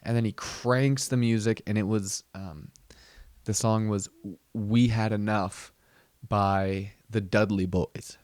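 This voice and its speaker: A man's voice: on the low side, steady tone, takes it slowly, dry recording, clean studio sound. A man hosting a comedy podcast, telling a rambling, profane story in a casual way. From Southern California. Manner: rambling, swears freely, acts out yelling and sings song snippets.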